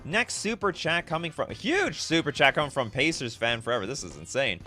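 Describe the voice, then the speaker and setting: A man's voice: medium pitch, sing-song, a little fast, bright, forceful tone, soft background music. A man streaming live, reading viewer requests in casual, self-mocking chat, laughing often.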